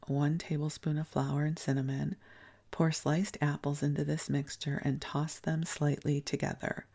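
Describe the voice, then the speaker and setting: A soft-spoken woman reads old recipes aloud at bedtime. Her voice is husky with a gravelly edge, and she often sinks to a breathy whisper. She breaks off now and then for gentle, chatty remarks. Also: low voice. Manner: gentle, chatty asides between recipe readings. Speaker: sleep podcast host.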